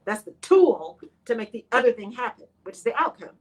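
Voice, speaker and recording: A woman with a lilt hosts a motivational radio talk. Her voice sits a little high, and she talks straight to her listeners in an expressive, animated way. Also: brisk, breathy edge, poor audio. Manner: expressive, talks to listeners as "y'all", acts out her own inner voice. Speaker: radio show host.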